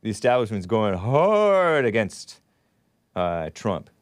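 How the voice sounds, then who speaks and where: A man's voice: fairly low pitch, big pitch swings, slow, dry recording, studio quality. A man hosting a solo commentary show, rambling and opinionated as he reads out articles and viewer comments. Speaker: host.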